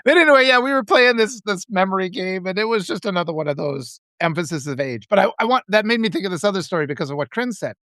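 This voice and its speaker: A middle-aged man hosting a casual live stream, talking in a rambling, animated way with many restarts and laughs. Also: high voice, fast, few pauses, no room sound, studio quality. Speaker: author and live-stream host.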